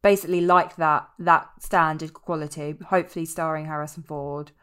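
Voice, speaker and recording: Woman, fairly low voice, co-hosts a podcast, joking and opinionated. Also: level tone, brisk, fairly bright tone, smooth. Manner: jokey, opinionated, swears casually. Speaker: podcast co-host. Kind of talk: casual chat.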